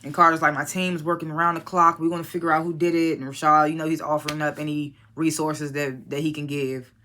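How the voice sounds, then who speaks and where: A blunt, foul-mouthed reviewer recaps a TV episode in casual chat, dropping loosely acted quotes from the characters. The voice is bright and forceful, and its pitch sits in a middling range. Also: flat delivery, quick pace. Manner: blunt, profane and opinionated; retells scenes, quoting characters in a loose conversational voice.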